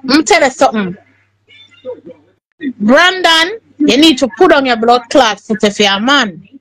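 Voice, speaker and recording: A woman with a high voice talks slowly and deliberately, scolding and lecturing. The sound is dry and close, with no room around it. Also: a bit bright, dry recording, rough recording.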